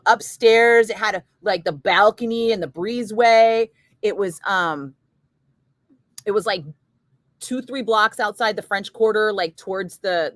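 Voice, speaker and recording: A woman's voice: medium pitch, fairly bright tone, no room sound. Chatty woman radio DJ, dry sound. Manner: rambling, chatty, many filler words. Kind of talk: casual on-air storytelling chat. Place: radio studio.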